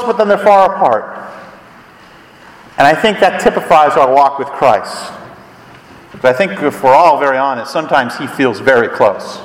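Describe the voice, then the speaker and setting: A pastor delivering a sermon, teaching and musing with lively rises and drops in his voice. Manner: animated, swinging pitch for emphasis. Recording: echoey hall, from far off.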